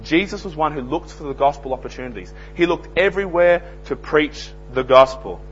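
A man's voice: a little high, animated, brisk, faint music behind. An earnest young Australian man preaching an evangelistic sermon, telling plain-spoken anecdotes. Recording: dull lo-fi recording with faint hum.

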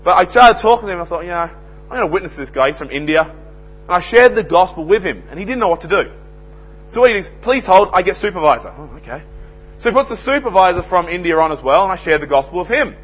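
A man's voice: high voice, lively intonation, fast, a bit bright, husky. An earnest young Australian man preaching an evangelistic sermon, telling plain-spoken anecdotes. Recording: dull lo-fi recording with faint hum.

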